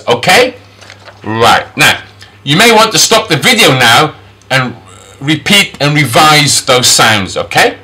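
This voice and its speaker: Slow, lively male phonics teacher. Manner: slow, repeats each sound several times; pitch jumps up on model words. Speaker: English pronunciation teacher. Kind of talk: phonics lesson.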